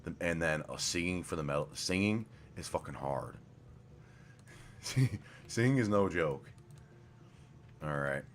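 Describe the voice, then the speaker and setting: Very deep-voiced man streaming a game. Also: expressive, unhurried, long pauses, a little hiss or hum. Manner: rambling, casual, swears often, mumbles asides. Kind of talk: casual live-stream commentary.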